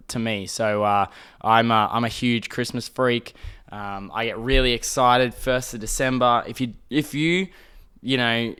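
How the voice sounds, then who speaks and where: A man's voice: medium pitch, a bit bright, clean tone. A young Australian man telling a long comic story on his podcast, rambling, swearing often and acting out the people in it. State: throat irritated by smoke. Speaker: podcast host. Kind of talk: casual storytelling monologue.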